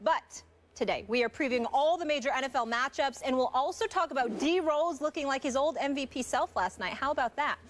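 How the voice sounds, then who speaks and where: A woman's voice: sits high, animated, brisk. A young woman hosting a morning sports talk show, upbeat and keeping the debate moving. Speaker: host.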